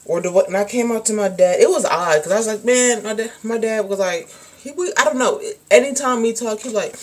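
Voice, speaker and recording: A woman's voice: mid-range voice, fairly quick. A young woman telling a personal story in a casual vlog, blunt and slangy, swearing freely and filling her speech with "like". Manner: blunt and frank, swears freely, many fillers. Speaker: vlogger.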